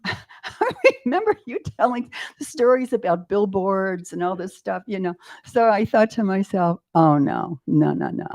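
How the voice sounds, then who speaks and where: Warm-voiced woman in her eighties. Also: medium pitch. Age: 80s. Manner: animated storytelling, acting out her own inner voices with laughs. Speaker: interview guest. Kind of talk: storytelling in a live interview.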